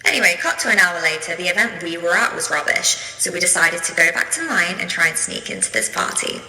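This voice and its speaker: A woman spins a brisk, dramatic storytime tale. Her voice is very bright, and the room gives it a clear echo. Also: lowish voice. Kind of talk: casual storytime.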